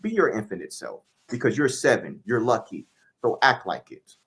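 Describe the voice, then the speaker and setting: A man, a spiritual reader, answering interview questions in a calm, declarative teaching manner. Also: medium pitch, moderate pace.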